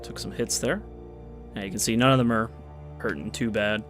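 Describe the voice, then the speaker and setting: Man, low voice, casual gameplay commentary, offhand and explanatory, game music behind. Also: steady tone, moderate pace, fairly bright tone. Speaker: gaming video host. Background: game music and unit sounds.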